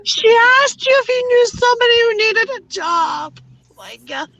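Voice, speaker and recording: A woman in a casual video chat, playful and quick to react. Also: very high voice, animated, fairly bright tone, no echo, muffled recording.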